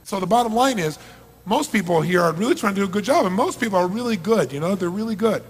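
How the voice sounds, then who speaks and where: Male motivational speaker, middle-aged, high voice, emphatic stage delivery, big reverberant hall. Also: expressive, fast talker, breathy edge. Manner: emphatic, swings from hushed to shouting. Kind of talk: live seminar talk to an audience. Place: large event hall. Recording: long reverb of a large hall.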